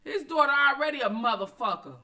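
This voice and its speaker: A high, bright woman, hosting a commentary stream. She talks in blunt, profane bursts and answers her chat directly. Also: animated, a little fast. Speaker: commentary channel host. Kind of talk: casual commentary, addressing viewers and chat.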